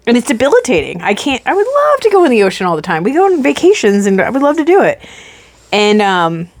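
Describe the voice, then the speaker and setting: A woman in her thirties co-hosting a casual chat, telling a story with lots of swearing and acting out her own panic. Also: quick pace. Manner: animated, swears freely, acts out her own panic with big pitch jumps. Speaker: podcast co-host.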